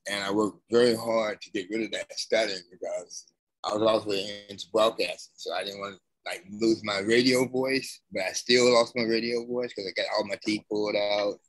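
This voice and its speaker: A man giving an emotional personal account on an online panel, halting and searching for words, sounding aggrieved. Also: on the low side, fairly even intonation, a bit bright, no room sound, low-quality recording. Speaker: conference attendee.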